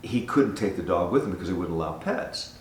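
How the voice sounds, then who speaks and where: An older man with a low voice gives a brisk, casual testimony as a guest, telling his story in an earnest, animated way and repeating himself. He is recorded from a distance in a roomy space, with a little hiss or hum.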